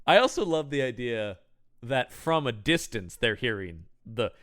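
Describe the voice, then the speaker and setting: Male podcast co-host, animated pitch, bright tone, enthusiastic and laughing. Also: a little slow. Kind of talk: casual chat.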